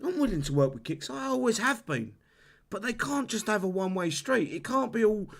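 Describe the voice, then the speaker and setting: A man's voice: high-pitched, sing-song, fairly quick, creaky. A man hosting a live stream, ranting heatedly about a game with lots of swearing and restarts. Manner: heated, sweary, repeats himself. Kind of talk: casual live-stream rant.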